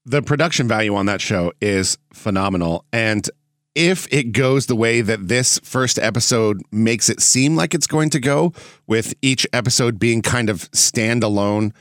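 A man hosting a casual podcast interview, relaxed and sprinkling in "uh" as he talks. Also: medium pitch, measured pace, dry recording, studio quality. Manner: relaxed, uses filler "uh" often. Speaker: podcast host.

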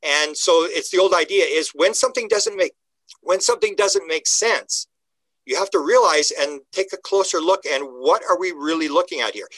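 Male interview guest, bright forceful tone, slightly high, dry close sound, animated storyteller. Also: moderate pace, no room sound, rough recording. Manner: acts out the voices of the people he quotes, with lively pitch jumps.

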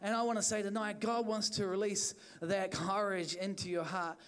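Kiwi pastor guy, fairly high voice, preaching hard and repeating himself. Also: little pitch movement, moderate pace, fairly bright tone, smooth. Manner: fervent, repetitive exhortation with restarts. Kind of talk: evening church sermon.

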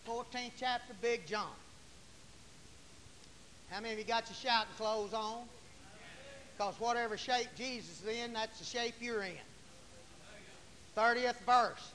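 A male Pentecostal preacher, folksy and fiery, preaching a sermon in church and shouting hallelujahs. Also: very high voice, unhurried, long pauses. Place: church sanctuary. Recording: long church reverb, faint hiss.

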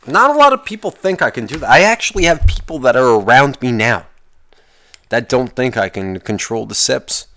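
A man of middle pitch rants solo on his own podcast, swearing freely and sounding exasperated. His voice jumps up high whenever he gets worked up, then drops back down. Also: lively intonation, normal speed, fairly bright tone. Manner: profane, exasperated ranting. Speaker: podcast host. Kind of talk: casual solo podcast rant.

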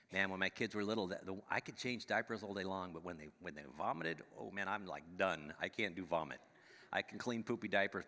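In a church sanctuary with a long reverb tail, a middle-aged pastor delivers a conversational sermon, checking in with the congregation through frequent "right?" asides. His voice is fairly low, bright and forceful.

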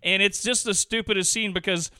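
A man's voice: high-pitched, steady tone, fairly quick, bright, forceful tone, clear, resonant tone, no echo. A man co-hosting a podcast in casual movie chat, rambling with many restarts. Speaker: podcast co-host.

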